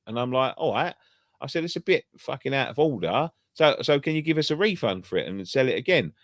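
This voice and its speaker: A man's voice: mid-range voice, very animated, a little fast, no room sound, studio quality. A man chatting casually on a fan channel, telling sweary, rambling stories full of restarts. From England. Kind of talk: casual pub chat.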